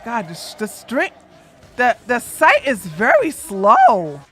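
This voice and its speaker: A woman livestreamer in casual chat, talking softly and without hurry. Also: fairly high pitch, wildly swooping pitch, breathy edge. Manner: soft, unhurried talk, a break from her usual yelling.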